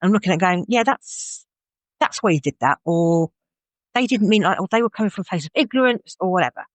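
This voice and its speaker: A woman's voice: medium pitch, lively intonation, fairly quick, no echo. A woman co-hosting a podcast in casual chat, talking candidly and reflectively as she thinks aloud. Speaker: podcast co-host.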